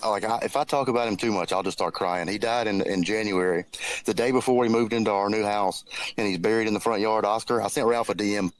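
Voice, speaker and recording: A man's voice: lowish voice, steady tone, fast talker, low-quality recording. A man on a livestream panel talking bluntly in casual chat.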